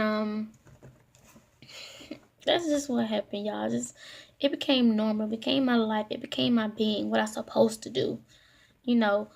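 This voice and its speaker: A woman with a somewhat high voice and a lot of gravelly fry tells a personal story straight to camera. She talks haltingly, filling pauses and restarting her sentences. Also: darkish tone. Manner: halting, with frequent fillers and restarts. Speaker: vlogger.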